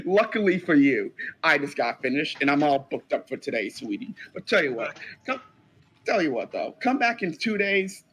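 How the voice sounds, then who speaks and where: A man's voice: on the high side, big pitch swings, moderate pace, a bit bright, a little hiss or hum, low-quality recording. A man voicing a brash, boastful female fighter champion who taunts and brushes people off. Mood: mocking. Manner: cocky, taunting, dismissive.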